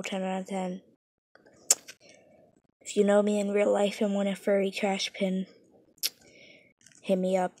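A woman's voice: medium pitch, a little mellow, husky. A woman chatting casually from her bedroom as she shows off her toy collection, bubbly and rambling, with whispered asides. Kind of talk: casual chat.

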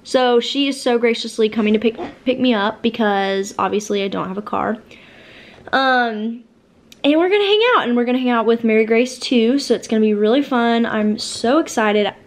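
A woman's voice: on the high side, normal speed. A young woman vlogging casually, rambling with many fillers and restarts, while she has the hiccups. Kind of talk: casual vlog chat.

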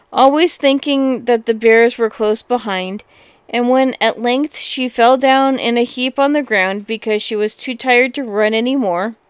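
A woman reads a fairy tale aloud in a smooth, fairly high voice. Her telling is expressive and breaks into lively exclamations now and then. The recording is dry and close. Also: dry recording. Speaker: storyteller.

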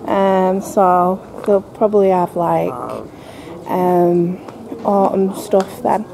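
A woman's voice: medium pitch, flat delivery, drawn-out words, crowd noise. A young woman talking to camera in a family vlog, gushing and sing-song as she coos at her children. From England. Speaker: family vlogger. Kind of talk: casual vlog talk to camera. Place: shops and home.

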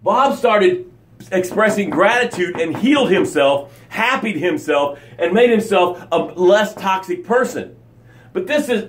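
A man coaching his audience live, preaching with energy and repeating his key phrases, sometimes acting out angry stories with a rising voice. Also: fairly high pitch. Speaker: motivational coach. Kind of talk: live motivational broadcast.

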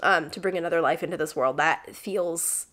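A woman's voice: deep voice, normal speed, a bit bright. A young woman, a vlogger and stay-at-home mom, talking candidly with lots of fillers and sometimes close to tears. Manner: rambling, many "like" and "um" fillers; emotional, close to tears at times. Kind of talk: candid confessional vlog talk.

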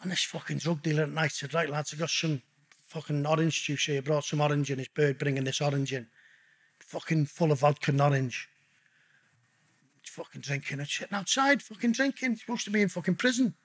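A man's voice: on the high side, brisk, husky. A man telling his own stories as a podcast guest, swearing constantly and calling the host mate. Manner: lively anecdotal storyteller, addresses the host as mate. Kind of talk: casual podcast interview storytelling.

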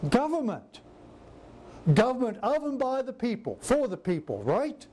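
A man's voice: extremely high pitch, unhurried, slight background noise. A man preaching a sermon who acts out scripture scenes in different voices. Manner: animated, acts out biblical quotes in varied voices.

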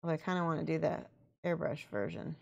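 A woman's voice: sits low, a little fast, creaky, highs cut off. A woman chatting casually on a live stream as she paints miniatures, thinking aloud and reading out the chat.

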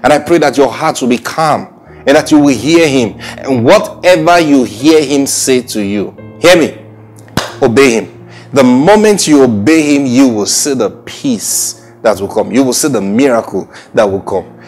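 A middle-aged man delivers a recorded sermon in an earnest, repetitive way. His voice sits at an ordinary pitch for a man. Soft music plays faintly underneath. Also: lively intonation, a little slow. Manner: earnest, often repeating praise phrases; frequent restarts and stammers. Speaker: preacher.

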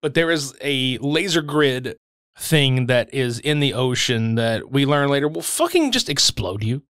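A man's voice: mid-range voice, no room sound, studio quality. A man hosting a film podcast, casually recapping the plot and swearing freely. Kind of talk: casual film-review chat.

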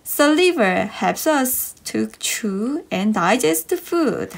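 A woman reads short picture-book passages aloud for young learners. Her voice sits high and leaps up and down with every phrase. She takes her time, stretching each sentence out slowly. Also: very animated, gravelly, a little hiss or hum. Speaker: reader of children's English stories. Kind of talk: slow expressive read-aloud for kids.

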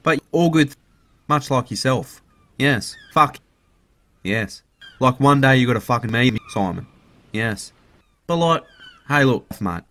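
A man's voice: medium pitch, animated, a little slow, long pauses, bright, forceful tone. A man giving a crude, rambling parody interview, swearing constantly. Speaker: mock interviewee.

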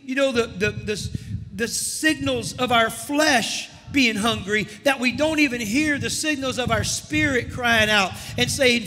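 High-voiced impassioned man preaching in a hall. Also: bright, forceful tone. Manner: impassioned preaching with repeated words and restarts, calls to the congregation. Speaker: pastor. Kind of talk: sermon. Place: church sanctuary. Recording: long church hall reverb.

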